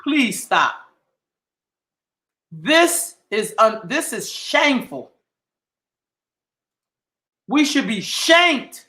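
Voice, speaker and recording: Man, high-pitched voice, sharp and bright tone, heated profane livestream rant, emphatic repetition, echoey room. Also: big pitch swings, drawn-out words, long pauses. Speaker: livestream host. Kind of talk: impassioned livestream monologue.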